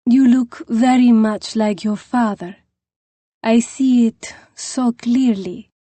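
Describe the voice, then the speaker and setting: A woman's voice: a little high, fairly even intonation, takes it slowly, warm tone, no room sound, voice pushed up. A woman voicing an emotional, foreign-born dowager mother with a rolling accent and an effusive, pleading way of talking. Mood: tender.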